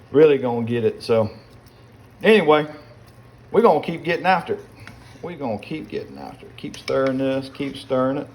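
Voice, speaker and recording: A man's voice: mid-range voice, a little mellow, rough recording. Folksy man, mid-range voice, rambling cooking-vlog chat at the stove, light kitchen hiss behind. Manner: rambling, folksy, calls viewers y'all and son. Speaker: home cook.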